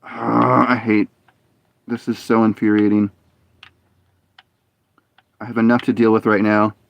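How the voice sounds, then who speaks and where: A man's voice: lowish voice, little pitch movement, a little slow, vocal fry, no room sound, muffled recording. A man streaming a game live, muttering and complaining in frustration as he plays. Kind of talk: live gameplay commentary.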